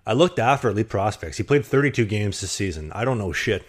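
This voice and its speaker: A man's voice: on the low side, animated, brisk, few pauses. A man hosting a casual podcast, joking and rambling in a self-mocking way. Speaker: podcast host.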